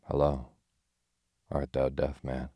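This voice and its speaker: A jolly teasing outlaw, as a deep-voiced narrator reads him. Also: male voice, monotone, slow pace, warm tone, husky, no room sound, heavily acted. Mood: jesting. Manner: jesting, archaic speech. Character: jolly bold outlaw man, teasing and hearty.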